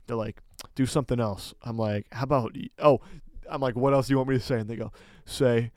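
A man co-hosting a podcast, telling a story in a casual, animated way with lots of filler words. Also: medium pitch, a little fast, dry recording, studio quality. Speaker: podcast co-host.

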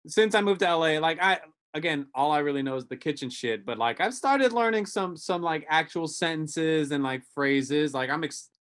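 A man guesting on a podcast, telling animated stories and acting out quotes in casual chat. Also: a little high, normal speed, few pauses. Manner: animated storyteller, acts out quotes.

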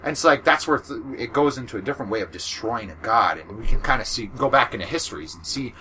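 A man's voice: medium pitch, fast talker, slight background noise. A man co-hosting a casual podcast chat, rambling and joking with lots of restarts. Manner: animated, rambling with restarts and jokes. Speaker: podcast co-host.

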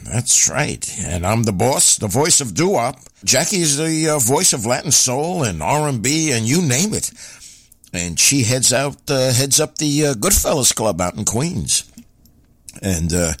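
A man's voice: medium pitch, lively intonation, a little slow, no room sound. A man hosting a radio show, chatting in a rambling, jokey way. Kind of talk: casual radio chat.

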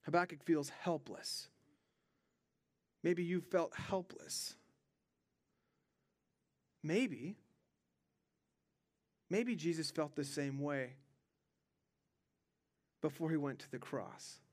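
High-voiced earnest young male preacher. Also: drawn-out words, pauses often, no echo, clean studio sound. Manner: earnest, repeats words when stressing a point. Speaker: pastor. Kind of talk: sermon.

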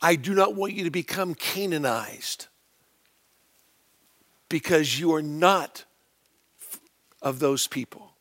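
Male preacher, high voice, emphatic sermon delivery, loud stresses then quiet low phrases. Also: takes it slowly, pauses often.

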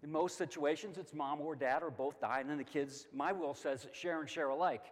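A middle-aged man teaching a Bible lesson, emphatic and lively, asking questions and answering them himself. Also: a little high, moderate pace. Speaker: Sunday school teacher. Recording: long hall reverb.

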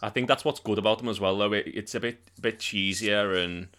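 A man's voice: lowish voice, a little fast, a crowd in the background. A young man co-hosting a casual podcast chat, upbeat and leading the questions. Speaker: podcast co-host.

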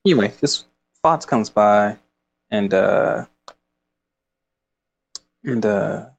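A man with a lowish, gravelly voice speaks very slowly but animatedly. He talks casually about a book, reading sections aloud and wandering off with lots of fillers and laughter.

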